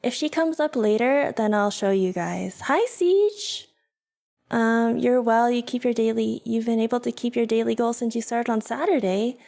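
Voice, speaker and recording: A woman's voice: a little high, fairly even intonation, moderate pace, vocal fry, few pauses, mellow. A young woman streaming, chatting casually and giggling as she talks to her viewers and her dogs. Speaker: vtuber streamer. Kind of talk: casual livestream chat.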